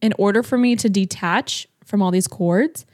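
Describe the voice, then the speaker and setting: Giggly, foul-mouthed woman co-host, a little high, rambling, on a dry close mic. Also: normal speed, a little mellow, dry recording. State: high on marijuana. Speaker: podcast co-host. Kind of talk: casual chat.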